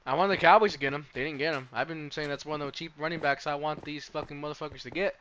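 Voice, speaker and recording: A young man talks on a live stream in a loose, profane ramble that keeps cutting itself off and restarting. His voice sits a little high and comes across bright and forceful. There is a faint noise under the recording. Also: fairly even intonation, fast. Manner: profane, rambling, self-interrupting. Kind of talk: casual live-stream chat about football.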